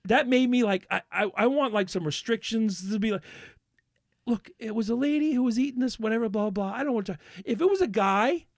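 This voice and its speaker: A man's voice: high-pitched, fairly quick, no echo, studio quality. A man on a podcast, ranting in a worked-up, swearing rush while telling a story in casual chat. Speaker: podcast co-host.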